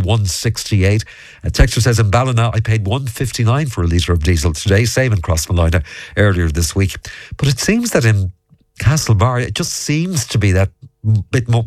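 Radio guy reading texts and chatting, kinda low voice, dead dry sound. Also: dry recording. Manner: relaxed, chatty, reads listener texts. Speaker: radio show host. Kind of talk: local radio chat. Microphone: studio mic.

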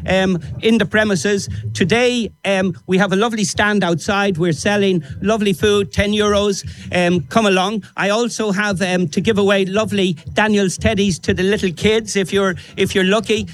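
A man's voice: high-pitched, poor audio. A man from Ireland who runs a restaurant, talking upbeat at an outdoor stand with a strong, powerful voice. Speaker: restaurant owner. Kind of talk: promotional chat.

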